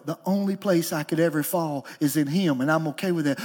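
A man who is a lead pastor, preaching a sermon in an emotional, animated way, moving from soft and low to high and loud. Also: a little fast, hardly any pauses.

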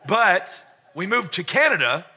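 A man's voice: high voice, sing-song, a little slow, bright, forceful tone. A man preaching a sermon to a congregation, telling stories with joking asides and call-and-response. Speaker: pastor. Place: church service in front of a congregation.

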